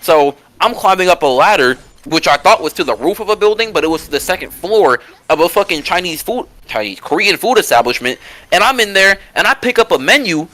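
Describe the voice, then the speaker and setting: A man telling a long personal story in casual podcast chat, animated and profane and full of slang. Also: sits high, fairly quick.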